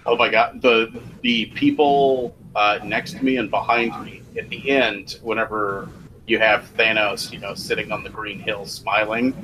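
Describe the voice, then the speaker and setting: A man with a lowish voice chats in an animated, loose way, cursing freely and laughing at his own reactions. A clear steady noise sits under the recording. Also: measured pace. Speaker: podcast co-host. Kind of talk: casual chat.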